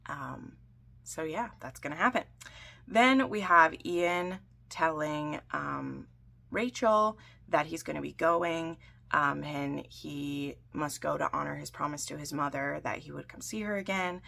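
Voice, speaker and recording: A book and TV series recap vlogger gushes through a TV episode in casual chat, full of ums, fillers, and asides. Her deep voice moves at a measured pace, creaky yet pushed and bright.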